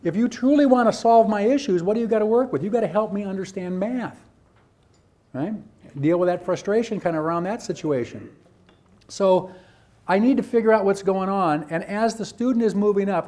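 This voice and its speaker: Animated, high-voiced man giving a workshop. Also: moderate pace. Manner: animated, acts out teachers and students, rhetorical questions. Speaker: presenter at a teacher training workshop. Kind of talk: lecture to educators.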